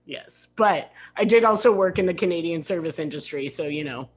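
An American woman co-hosting a podcast in casual chat, wry and quick to laugh. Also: on the low side, animated, slightly rough. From United States. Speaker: podcast co-host.

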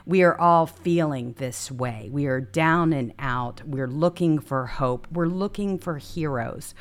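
A woman's voice: deep voice, measured pace. A middle-aged woman hosting a talk show, speaking emphatically and with feeling in short repeated phrases. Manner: emphatic, emotional, repetitive phrasing. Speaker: host. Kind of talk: casual talk show chat.

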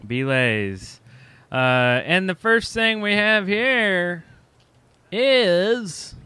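This is a man hosting a casual podcast, joking as he reads out listener messages. His voice is bright, lively and somewhat high, with a swinging pitch. The sound is dry and close. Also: very slow, clean tone, no echo. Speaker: podcast host.

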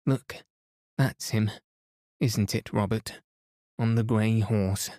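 A man's voice: fairly low pitch, fairly even intonation, takes it slowly, dark tone, dry recording, clean studio sound. A man voicing an eager young girl who coaxes her siblings cheerfully, in a bedtime storybook reading. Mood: coaxing. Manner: coaxing, cheerful.

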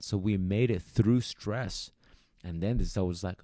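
A low-pitched man speaks at a normal pace with fairly even intonation and a dark tone, recorded dry in studio quality. He's a dog trainer chatting casually in a podcast monologue, coaching listeners and acting out quoted voices as he gives advice.

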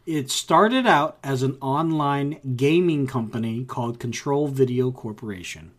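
A man's voice: mid-range voice, measured pace. A man co-hosting a casual tech podcast, rambling with restarts and acting out his reactions. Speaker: podcast co-host.

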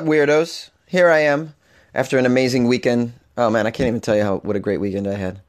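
Guy doing his comedy podcast, bit hoarse, rambly, keeps restarting, mid-pitch. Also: quick pace. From Boston, Massachusetts. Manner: rambling and animated, with frequent restarts and laughs. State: slightly hoarse. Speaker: podcast host. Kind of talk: casual comedic podcast monologue.

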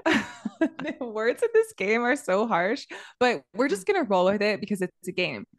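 A woman's voice: mid-range voice, big pitch swings, moderate pace, no room sound, studio quality. A woman in her thirties, the host, talking in an earnest, easy casual chat. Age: 30s. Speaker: podcast host.

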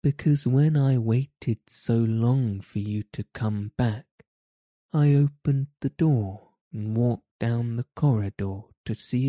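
A man's voice: medium pitch, mellow, no room sound, clean studio sound, close to an everyday voice. A man voicing a sheltered, curious young girl with prim, proper speech.

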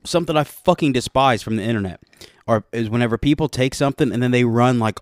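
A man in a casual, profane chat, arguing with indignant emphasis. His voice sits at a middle pitch. The recording is dry and close to the mic. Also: fast talker, no room sound. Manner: emphatic, indignant, swears often.

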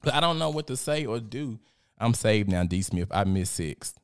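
A young man hosts a casual live stream, talking in an animated, profane way and reading out viewer comments. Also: on the low side, normal speed, clean tone. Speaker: host.

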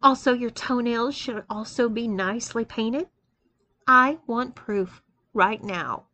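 A domineering young college woman, read by a woman narrator, commanding and taunting in a confident, slightly high voice. She bosses and teases in an audiobook-style story reading. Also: slow, pushed and bright, dry recording.

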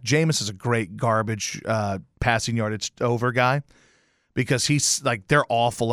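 A man hosting a sports talk show, ranting and telling stories in a profane, animated way with sudden loud outbursts. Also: mid-range voice, no echo, studio quality. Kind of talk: casual sports rant.

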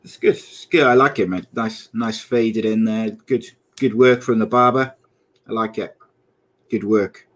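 A man's voice: on the low side, a little slow. A young man hosting a casual live podcast, upbeat and chatty as he reads out viewer comments. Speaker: podcast host.

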